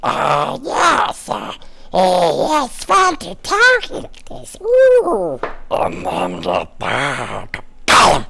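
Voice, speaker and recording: A man voicing a wretched little male cave creature, drawn out and gravelly. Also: high-pitched, wildly swooping pitch, extremely slow, pauses often, sharp tone, slight background noise, voice pushed up, heavily acted. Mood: gleeful.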